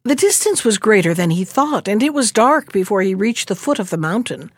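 A woman reading a fairy tale aloud, narrating in a measured, expressive way. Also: medium pitch, no echo, clean studio sound. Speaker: storyteller.

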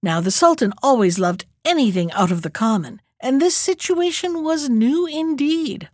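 Librarian lady reading a folktale out loud, expressive, bit high voice, dry close mic. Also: moderate pace, dry recording. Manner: expressive, lively storytelling. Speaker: librarian storyteller.

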